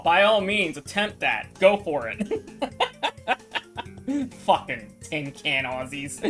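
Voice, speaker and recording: A woman's voice: lowish voice, fairly bright tone. A woman streamer in casual chat with her viewers, swearing, rambling and laughing often.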